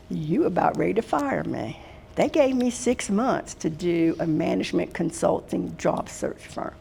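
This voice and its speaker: Gravelly older woman giving workplace advice. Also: lowish voice, lively intonation, normal speed, mellow, slight background noise. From Washington, D.C. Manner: folksy, direct, addresses the room as "guys". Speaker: HR consultant and speaker. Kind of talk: workshop talk.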